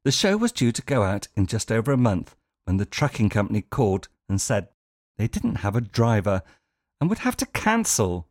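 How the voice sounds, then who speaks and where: A man with a lowish, mellow voice tells wry anecdotes, chuckling dryly now and then. The sound is dry and close, with soft guitar in the background. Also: big pitch swings, moderate pace, dry recording. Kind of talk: anecdotal monologue.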